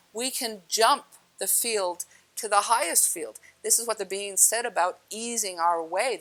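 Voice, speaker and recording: Woman spiritual speaker, mid pitch, casual and blunt, swears freely, keeps asking the listener questions. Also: fairly bright tone. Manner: chatty, asks the listener questions. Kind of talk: casual spiritual talk to an audience.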